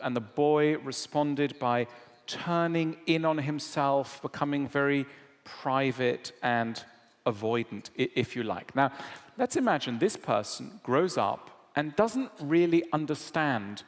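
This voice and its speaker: A man speaking, answering an audience question at a public lecture and acting out little dialogues as he explains. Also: medium pitch. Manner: animated storyteller acting out quoted dialogue. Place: lecture hall. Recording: long hall reverb.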